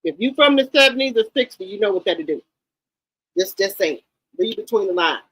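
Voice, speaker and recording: A woman's voice: medium pitch, expressive, fast talker, fairly bright tone, slightly rough, no echo, rough recording. A woman in her fifties giving blunt, emphatic livestream commentary and often repeating her words. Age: 50s. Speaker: livestream host.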